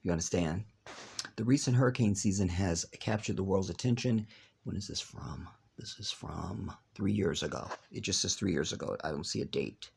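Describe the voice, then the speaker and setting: A man's voice: sits low, moderate pace, creaky, darkish tone, slightly rough. A man hosting his own channel, talking straight to viewers in a rambling monologue and reading text aloud while skipping parts. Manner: rambling, reads text aloud and skips with "blah, blah"; talks to viewers directly. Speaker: video channel host.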